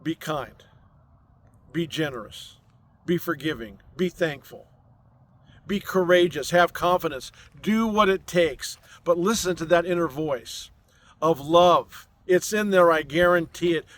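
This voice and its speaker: A man giving an inspirational spiritual message outdoors on a mountain, speaking in slow, soothing, repeated affirmations. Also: fairly high pitch, a bit bright. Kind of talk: inspirational sermon. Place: outdoors on a mountain overlooking a city.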